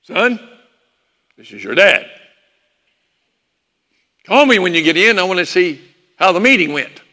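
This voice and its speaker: A man voicing his firm, gruff but loving older father, speaking emphatically. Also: high voice, very animated, a little slow, bright, forceful tone, pitched above the performer's own voice, heavily acted. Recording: long hall reverb.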